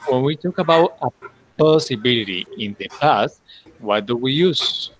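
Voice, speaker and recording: A man's voice: mid-range voice, lively intonation, moderate pace, noisy background. A man teaching an English class, explaining patiently step by step and checking in with his students often. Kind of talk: online class instruction.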